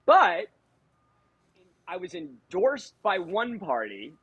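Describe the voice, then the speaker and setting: A male mentalist guesting on a podcast, jumping in eagerly with quick takes in casual chat. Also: high voice, huge pitch swings, sharp tone, breathy edge, dull audio.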